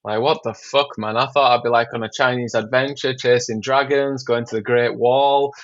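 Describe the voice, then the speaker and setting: A man from England tells stories as a podcast guest in a casual, animated way, peppered with swearing and "man". His voice sits in a middle range, and the audio is slightly muffled. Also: mid-range voice, normal speed. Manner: animated storyteller, swears a lot, says "man". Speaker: podcast guest, documentary filmmaker. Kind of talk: casual storytelling.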